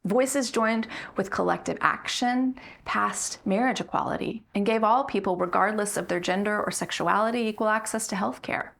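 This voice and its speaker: A woman in her forties preaching a sermon as pastor, measured and deliberate, building emphasis through repeated phrases. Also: mid-range voice, vocal fry, a bit bright. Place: church sanctuary.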